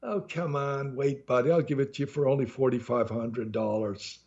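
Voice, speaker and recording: A man's voice: medium pitch, fairly even intonation, normal speed, a little mellow, highs cut off, lightly acted. A man voicing a hefty, menacing mafia-style timeshare salesman with a New Jersey accent and pushy sales patter. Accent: New Jersey (put on).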